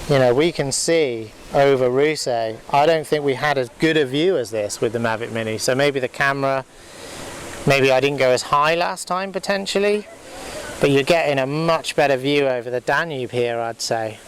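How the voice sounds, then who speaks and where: A man's voice: mid-range voice, normal speed, slight background noise, low-quality recording. A man giving casual, rambling commentary outdoors while flying a drone, with lots of fillers and restarts. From United Kingdom. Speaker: drone vlogger. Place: outdoors by a river.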